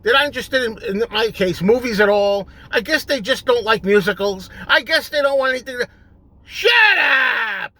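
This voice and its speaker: A middle-aged man hosting a solo rant video, exasperated and repetitive, building up to shouting. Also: very high voice, brisk, few pauses, no echo.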